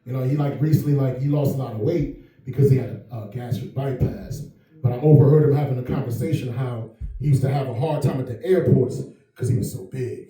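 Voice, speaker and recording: Recorded from afar in an echoey room, a man doing stand-up at a private party in a mansion home chats and laughs with the crowd as he goes. His voice is mid-range, a little fast and dark-toned.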